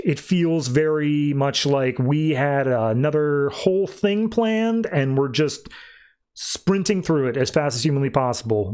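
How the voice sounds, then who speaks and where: Male podcast host, slightly high voice, loose rambling review talk, filler-heavy. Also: a little mellow. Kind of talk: casual review chat.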